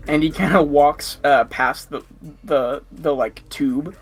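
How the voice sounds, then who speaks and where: A man's voice: on the high side, takes it slowly, breathy edge, soft background music. A man narrating a tabletop game as game master, rambling with many fillers and frequent laughs.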